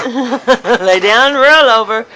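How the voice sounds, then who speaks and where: High-voiced woman laughing and scolding her dog. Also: slow, pushed and bright. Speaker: dog owner filming at home. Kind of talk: casual home video chatter.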